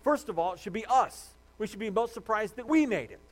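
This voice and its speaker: A pastor delivering a sermon in a conversational way, repeating words and acting out little dialogues, slowing down to stress his main points. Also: high-pitched, lively intonation. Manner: conversational preaching with restarts and acted-out dialogue.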